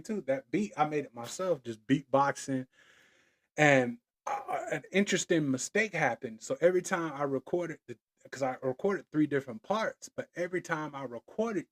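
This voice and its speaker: A man hosting his own podcast, talking loosely and playfully, drifting into rhymes and chuckles. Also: fairly high pitch. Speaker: podcast host. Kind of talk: casual solo podcast monologue.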